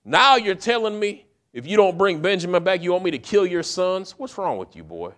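A man's voice: sits high, very animated, normal speed, a bit bright, voice pushed up. A man doing a fed-up old father scolding. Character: exasperated old father scolding his son.

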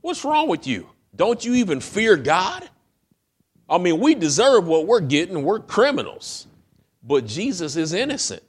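An indignant condemned criminal who rebukes his companion in a loud, raised, high-pitched voice, as a preacher acts him out. His voice is strained and forceful, with the preacher's own low voice pushed far up. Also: very animated, a little slow, slightly rough, full character voice. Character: repentant male criminal rebuking another.

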